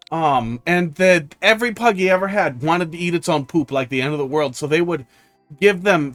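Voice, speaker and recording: A man's voice: a little high, fairly bright tone. A man streamer chatting casually, teasing his pets and laughing often. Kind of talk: casual chat.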